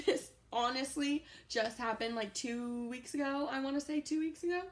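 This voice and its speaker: A woman in her twenties telling a casual storytime vlog, animated and profane, rambling with many fillers. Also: on the high side. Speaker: YouTuber.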